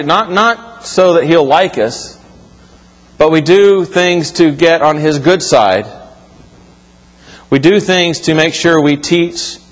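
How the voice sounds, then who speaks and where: A man preaching a sermon to his congregation in a church, talking it through conversationally and correcting himself as he goes. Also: on the high side. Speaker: pastor. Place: church sanctuary. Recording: reverberant hall.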